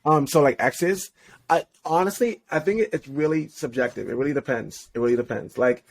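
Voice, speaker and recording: A man with a husky, somewhat high voice gives relationship advice as a podcast guest. His talk is loose and slangy, full of laughs and lively acted-out quotes. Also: a little fast. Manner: slangy, animated, laughs often. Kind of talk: casual podcast interview.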